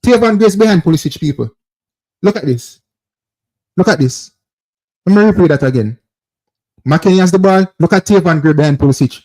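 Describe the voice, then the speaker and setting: A man's voice: sits high, normal speed, dark tone. A man with a Jamaican accent hosting a football call-in show, insistently breaking down plays over footage and calling out to viewers. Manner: repetitive, insistent, keeps addressing viewers as people.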